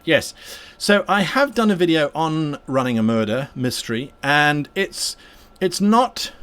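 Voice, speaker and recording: His voice is fairly high and a bit bright as he paints miniatures during a live stream. Rambling casually through viewer questions about game mastering, he repeats words and restarts often.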